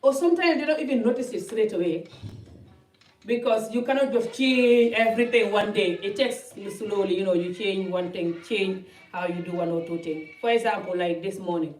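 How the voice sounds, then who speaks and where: A woman's voice: medium pitch, normal speed, a little mellow. A middle-aged woman vlogging from her living room, chatting casually to camera in a rambling, loose way. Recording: roomy, distant, faint music behind.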